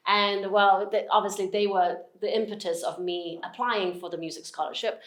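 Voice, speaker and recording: A middle-aged woman, a motivational speaker, telling a personal story as an interview guest in an emphatic, animated way with restarts. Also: medium pitch, moderate pace, roomy sound.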